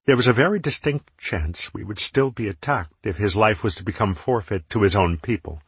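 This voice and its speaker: Low, husky male audiobook narrator. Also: normal speed, no echo. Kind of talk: first-person fantasy narration.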